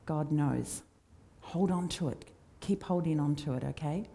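Woman preacher, lowish mellow voice, chatty storytelling sermon. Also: unhurried, creaky. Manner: conversational, warm storytelling with acted quotes. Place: church.

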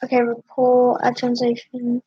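A young woman vlogs in a slow, husky voice that is slightly high. She sounds panicked and apologetic, and keeps repeating herself. The recording is dull and lo-fi. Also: completely flat delivery. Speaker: YouTuber. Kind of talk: distressed vlog commentary.

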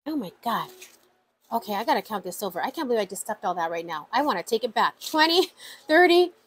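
Excitable chatty woman counting cash. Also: fairly high pitch, fast, a little hiss or hum, low-quality recording. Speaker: budgeting vlogger. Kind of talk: casual vlog talk to viewers.

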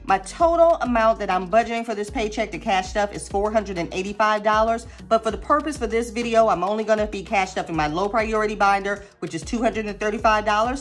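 A woman, chatting casually to camera about budgeting and calling her viewers y'all. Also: mid-range voice. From United States. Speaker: budgeting vlogger.

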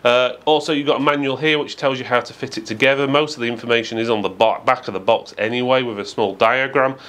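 A man's voice: medium pitch, steady tone, quick pace, fairly bright tone. A man giving a methodical, matter-of-fact product review with frequent fillers. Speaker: tech reviewer.

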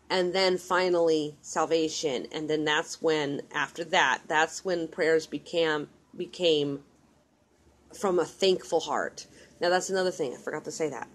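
A woman giving casual, earnest religious advice in a vlog, repeating herself insistently and rambling with restarts. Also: sits low. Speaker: mother.

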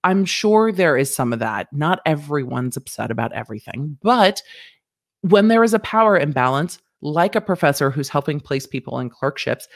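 A woman lawyer hosting a commentary show, talking frankly and animatedly, often mimicking other people in quick high voices. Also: expressive, dry recording, clean studio sound. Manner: frank, swears casually. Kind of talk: commentary vlog.

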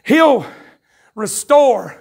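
A man with a Southern US accent preaching a revival sermon in a church, shouting his lines in a fiery way, with folksy turns of phrase, quick asides and chuckles. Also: very high-pitched, sing-song, gravelly, breathy edge. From North Carolina, USA. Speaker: pastor. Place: church sanctuary at a campmeeting. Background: congregation calling out responses.

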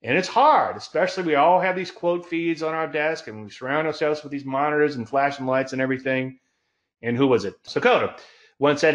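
A man hosting a trading talk show, speaking in a folksy, emphatic way, drawing out key words slowly and chuckling at his own jokes. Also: mid-range voice, dull audio. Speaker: trading educator and show host. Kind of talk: solo market talk show.

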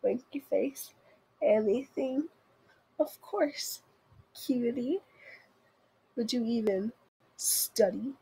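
A young woman hosting a video, casually reading funny text messages aloud in a rushed, offhand way. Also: on the high side, vocal fry, mellow, slightly rough, low-quality recording. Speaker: video host.

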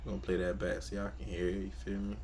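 A man's voice: low-pitched, completely flat delivery, rapid-fire, a little mellow, a little hiss or hum. A man reacting as co-host in a casual chat, full of hyped interjections.

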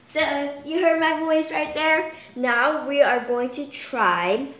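Young woman, slightly high voice, unhurried and chatty, home demo. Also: fairly even intonation, fairly bright tone, roomy sound. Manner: chatty, many "like" fillers. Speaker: toy demonstrator. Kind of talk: casual product demo.

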